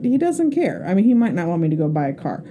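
A woman's voice: lowish voice, very animated, quick pace, mellow, a little hiss or hum. A middle-aged woman co-hosting a podcast, chatting casually and laughing at herself. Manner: chatty, laughing, self-mocking. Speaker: podcast co-host.

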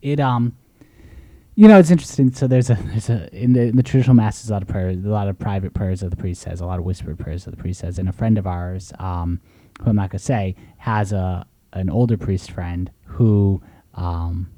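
A man, a priest, co-hosting a casual chat and telling rambling, animated stories. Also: deep voice, fairly quick, no room sound. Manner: rambling, animated storyteller with laughs. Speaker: priest and podcast co-host.

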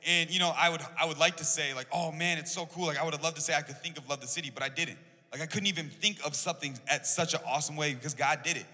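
An excitable young man talks quickly in a casual church podcast, peppering his sentences with "like". His voice is bright and forward. The room rings with a long echo. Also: a little high. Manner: excitable, heavy use of "like". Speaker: church volunteer.

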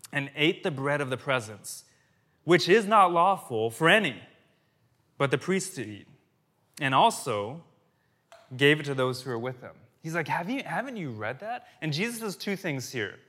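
A pastor in his thirties preaching a sermon to a church, casual and conversational, swinging between loud emphasis and quiet asides. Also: fairly high pitch.

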